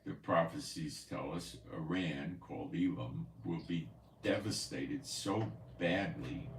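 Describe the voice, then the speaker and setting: A man's voice: low-pitched, echoey room, distant mic, slight background noise. A man hosting a prophecy news channel, talking casually and rambling, repeating himself now and then. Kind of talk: casual commentary. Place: home in Israel.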